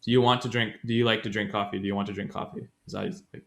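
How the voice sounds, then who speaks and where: A man's voice: lowish voice, flat delivery, racing, creaky. A man co-hosting a casual podcast, explaining grammar in a loose, rambling way with many fillers, self-corrections and frequent laughs. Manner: laughs often.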